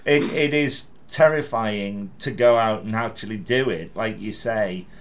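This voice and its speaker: A man's voice: lowish voice, unhurried. Middle-aged man, podcast host, easygoing interviewer, lots of ums, encouraging tone. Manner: chatty, warm encouragement with frequent fillers. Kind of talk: casual interview.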